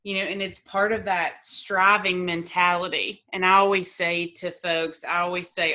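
Bright-toned woman therapist, explanatory. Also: on the low side, normal speed, hardly any pauses. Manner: thoughtful, explanatory, steady. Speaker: therapist guest. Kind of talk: expert conversation.

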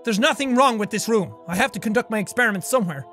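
A young man hosting a let's-play video, reading game text aloud and reacting loudly with lots of swearing. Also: high-pitched, expressive, quick pace, faint music behind. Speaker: gaming video host.

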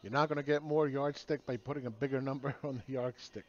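A man's voice: medium pitch, steady tone, quick pace, lo-fi sound. A man ranting sarcastically in a solo video monologue, mocking the people he argues against. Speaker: market commentator.

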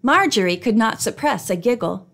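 A woman narrating an old mystery storybook in a clear, expressive reading voice. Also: fairly high pitch, moderate pace. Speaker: audiobook narrator.

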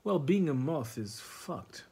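A man voicing a gloomy, self-pitying male moth who turns crude and rude, with a husky voice. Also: on the high side, very animated, takes it slowly, warm tone, full character voice.

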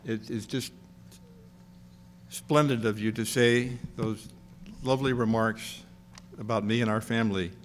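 An older man, the outgoing president of an institute, giving a measured, gracious after-dinner speech with touches of dry humor. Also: lowish voice, fairly even intonation, a little hiss or hum.

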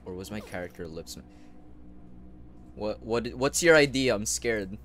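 A young man streaming a game, rambling and swearing, with sudden loud outbursts between mumbled remarks. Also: fairly low pitch, animated, unhurried. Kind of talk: live gameplay commentary.

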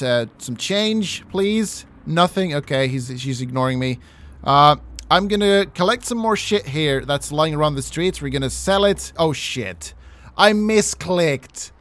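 A man's voice: on the high side, a bit bright, dry recording. A man hosting a let's play, commenting with jokes, mock-pleading and casual swearing. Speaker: gaming channel host.

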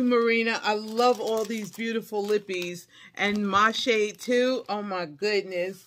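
Medium-pitched with fairly even intonation, she keeps a measured pace, with a little hiss or hum in the recording. This middle-aged woman chats to viewers as she unboxes a haul, gushing, squealing with delight, and calling them y'all and honey.

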